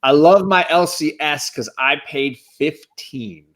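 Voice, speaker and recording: A man on a casual live stream, giving enthusiastic shout-outs to the chat as a guest co-host. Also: fairly high pitch, takes it slowly.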